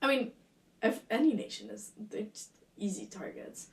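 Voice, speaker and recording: A woman's voice: a little high, moderate pace. A young woman from France with a French accent, a guest chatting casually and laughing easily. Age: young adult. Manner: laughs easily, playful and animated. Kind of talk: casual chat. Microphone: video call. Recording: echoey room, far from the mic.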